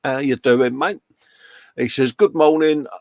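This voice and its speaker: Gravelly man reading viewer comments. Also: medium pitch, unhurried, a little mellow, no room sound, studio quality. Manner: chatty, laughing, reads out viewer comments. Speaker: host. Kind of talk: casual chat. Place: home workshop.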